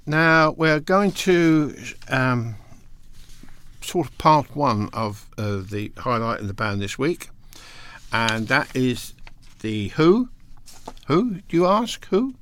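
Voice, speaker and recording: A radio presenter hosts a casual music show, hesitant and rambling, losing his place in his notes and reading out facts between asides. His medium-pitched voice is a bit bright and clean-toned, with no echo.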